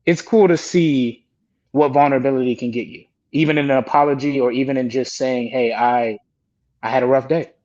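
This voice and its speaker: A man's voice: mid-range voice, fairly even intonation, fairly quick, a little mellow. A man speaking as a panelist and father, earnestly reflecting on parenting in a candid discussion. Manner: earnest, reflective, quotes himself talking to his kids. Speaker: panelist, father of two girls. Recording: dull lo-fi sound.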